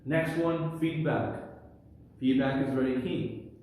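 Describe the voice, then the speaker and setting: A man giving an energetic, animated, loud talk to camera with public speaking tips. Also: mid-range voice, takes it slowly, slight background noise. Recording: echoey room with long reverb.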